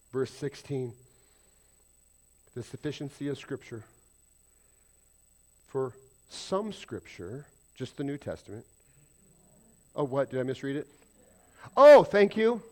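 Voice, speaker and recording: A man preaching a sermon to a congregation, emphatic, putting questions to the listeners and swinging between loud stresses and quiet asides. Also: mid-range voice. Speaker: pastor.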